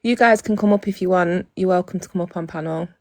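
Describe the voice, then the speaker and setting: Casual female stream host, lowish voice, dry sound, blunt and profane. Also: fast, darkish tone, no echo. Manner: blunt, profane, talks straight to her viewers. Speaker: livestream host. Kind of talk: casual livestream chat.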